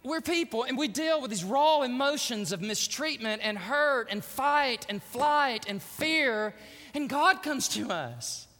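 A middle-aged man preaching a sermon, animated, acting out the voices he quotes and laughing often. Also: very high-pitched, a little slow, in a large hall. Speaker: pastor.

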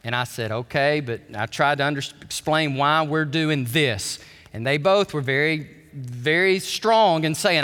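Animated preacher in a reverberant hall. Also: male voice, moderate pace. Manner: animated preaching, swings from hushed to loud and high. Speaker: pastor. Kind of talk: sermon. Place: church sanctuary.

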